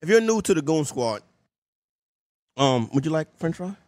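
A man's voice: on the high side, sing-song, moderate pace, darkish tone, no room sound. A man hosting a sports radio show, loose and joking, chatting with callers and co-hosts. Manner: loose, joking, talks while eating. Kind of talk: casual sports radio banter.

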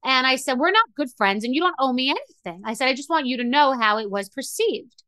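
A middle-aged woman hosts a podcast in a candid, emotional monologue, rambling and restarting as she goes. Her voice is bright and forceful, sitting slightly high. The recording is dry and close. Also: lively intonation, fairly quick, no room sound. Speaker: podcast host.

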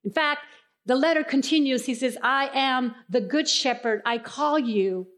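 A middle-aged woman pastor preaching a sermon, telling stories and slowing down and softening her voice to stress key lines. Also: high voice. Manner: storytelling, slows and softens for emphasis.

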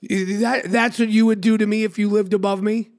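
A man's voice: sits high, little pitch movement, normal speed, a little mellow. A man hosting a podcast in casual banter, blunt and profane, with a sore throat. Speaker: podcast host.

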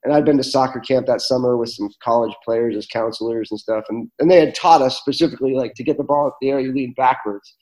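A man tells reflective stories as an interview guest. His voice is warm and mellow. He speaks earnestly, with plenty of fillers and restarts. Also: medium pitch, quick pace, hardly any pauses, low-quality recording. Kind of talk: reflective storytelling in conversation.

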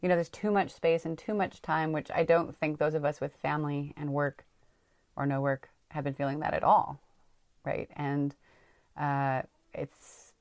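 A woman co-hosting a podcast in casual chat, talkative and laughing often, speaking in quick bursts. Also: sits low, level tone, darkish tone, no room sound. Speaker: podcast co-host.

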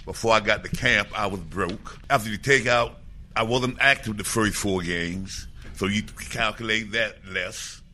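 Older guy, low but bright voice, laid-back storytelling, slight noise. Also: unhurried. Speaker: former player. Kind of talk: relaxed storytelling.

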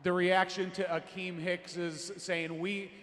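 A man's voice: on the high side, fairly even intonation, measured pace, fairly bright tone. Earnest male host in a big hall. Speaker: panel host. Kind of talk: onstage interview question. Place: stage at a fan convention. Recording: long hall reverb.

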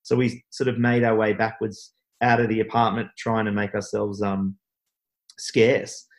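A man's voice: on the low side, little pitch movement, measured pace, rough recording. A man, a podcast guest telling a personal story in a rambling way with many restarts. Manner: rambling, full of restarts and fillers. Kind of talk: interview storytelling.

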